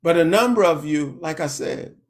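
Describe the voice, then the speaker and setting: A man preaching a sermon in a slow, emphatic way, lifting his voice when he quotes scripture. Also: a little high, animated.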